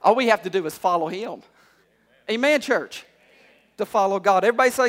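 A male pastor preaching a sermon, calling out to the congregation and climbing to shouts. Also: high voice, lively intonation, normal speed, pauses often. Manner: call-and-response preaching, rising to shouts. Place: church hall. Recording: long hall reverb.

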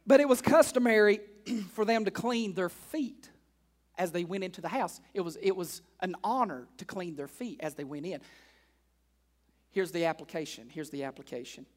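Speaking in a rather high, animated voice at normal speed, a pastor delivers a sermon to his church congregation. He hammers his main points through repetition and keeps asking the room questions, shifting from quiet, conversational asides to loud, emphatic calls.

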